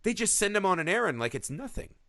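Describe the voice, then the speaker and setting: A man talking film on a podcast in a loose, profane way, his pitch swinging widely as he acts out bits of dialogue. His voice is very bright and forward, and the recording is close and dry with no room sound. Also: fast, no echo. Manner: animated, swears often, acts out characters' lines. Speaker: podcast co-host. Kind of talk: casual film discussion.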